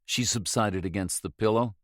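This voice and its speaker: A fairly low-voiced man narrates an audiobook from a script, his reading steady and measured. The sound is close and dry, without any room sound.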